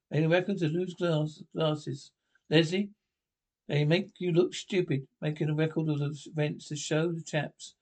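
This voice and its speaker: A man's voice: a little high, vocal fry, a little mellow. An actor playing a hearty, bossy male leader of an off-road club, barking orders at his cameraman.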